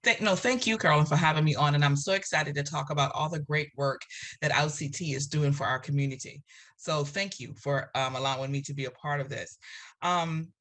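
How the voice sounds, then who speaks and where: A woman from Virginia with a Southern accent, a nonprofit board president chatting as a guest on a local TV interview show, animated and full of ums and laughs. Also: deep voice, fairly quick. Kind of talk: casual interview talk. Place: local TV studio.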